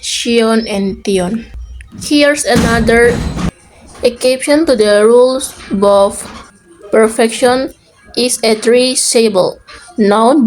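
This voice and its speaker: A woman's voice: a little high, low-quality recording. A woman presenting a scripted pronunciation lesson, reading example words one by one. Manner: very slow, word-by-word reading of example lists. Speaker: student presenter.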